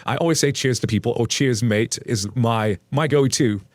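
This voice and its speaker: A man's voice: mid-range voice, moderate pace, dry recording. Chatty British man reading stories. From United Kingdom. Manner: chatty, laughs often, jokey asides. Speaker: reddit story reader. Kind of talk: casual commentary reading posts.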